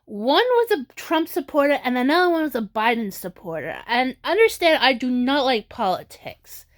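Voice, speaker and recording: A woman vlogger giving casual commentary, halting with many restarts and fillers, at times tearful. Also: sits high, big pitch swings. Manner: tearful and emotional in places.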